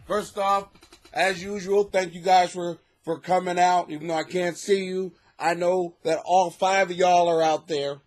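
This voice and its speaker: An American man hosting a casual comic podcast from his basement, rambling and swearing, laughing often and swinging between mutters and near-shouts. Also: sits high, level tone, measured pace, soft background music. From United States. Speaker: podcast host, struggling comic. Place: home basement.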